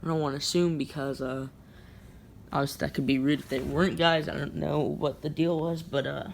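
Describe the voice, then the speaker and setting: Young-sounding woman, low voice, rambly storytime vlogger, faint hiss behind her. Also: fairly even intonation, fairly quick, creaky. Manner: rambling, filler-heavy slang talk. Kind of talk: casual storytime vlog.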